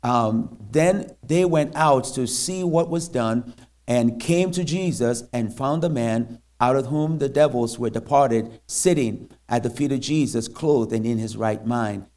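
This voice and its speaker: Man, missionary preacher in church; halting, filler-heavy delivery, mid-pitched voice. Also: darkish tone. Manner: halting, many fillers and restarts. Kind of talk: sermon with scripture reading.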